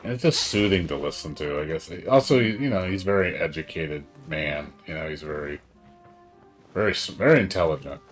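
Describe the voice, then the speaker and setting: A man chatting casually on a live game stream, rambling and excitable, swearing often and tired from staying up all night. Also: a bass voice, brisk, soft background music.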